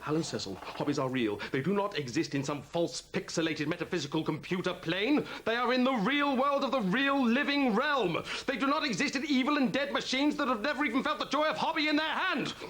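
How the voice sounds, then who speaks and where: A man's voice: extremely high pitch, lively intonation, fairly quick, hardly any pauses, a bit bright, slight background noise, pitched above the performer's own voice. A man playing a pompous, self-important adult male hobby obsessive in a sketch comedy monologue.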